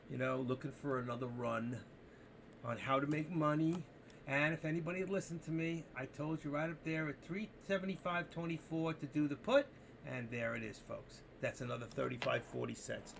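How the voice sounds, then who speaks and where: A man hosting a live trading stream, talking to viewers in an excitable, rambling, joking way. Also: mid-range voice, gravelly, slight background noise. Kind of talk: casual live-stream commentary.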